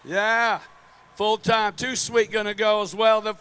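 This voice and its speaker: A man giving excited, chatty color commentary on a BMX race live. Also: high-pitched, unhurried, clear, resonant tone. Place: outdoor BMX track.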